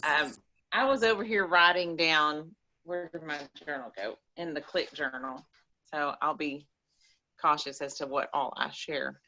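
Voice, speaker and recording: Woman, East Texas accent, bright forceful voice, folksy rambling chat, dull lo-fi call audio. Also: low-pitched, unhurried. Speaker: caller on a call-in show. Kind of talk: casual chat.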